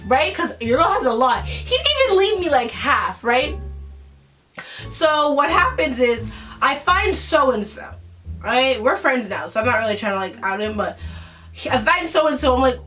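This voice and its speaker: A teenage girl telling a story from her school days to the camera, casual and animated. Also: high voice, normal speed, far from the mic, faint music behind. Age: teens. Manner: animated, dramatic retelling with acted-out quotes. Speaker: vlogger.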